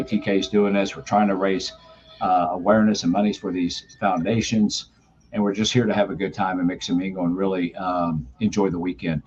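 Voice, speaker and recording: A man's voice: sits low, a little mellow, lo-fi sound, slight background noise. A man, a company founder and guest, telling long rambling anecdotes with many fillers in a casual interview. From Texas.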